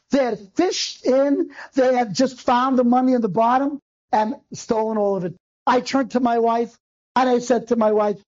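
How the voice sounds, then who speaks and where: A man, a rabbi, telling a personal story to an audience and acting out the dialogue in quick, animated bursts. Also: very high-pitched. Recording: dull lo-fi recording.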